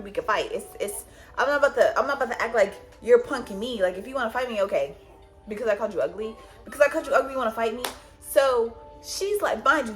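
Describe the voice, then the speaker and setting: A woman vlogger casually telling a story, retelling it with lots of repetition and acted-out dialogue. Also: fairly high pitch.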